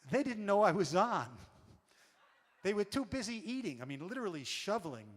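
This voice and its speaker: A man's voice: high-pitched, brisk, long reverb tail. A man from New York telling wry comic stories in a stage monologue. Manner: animated, wry. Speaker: storyteller.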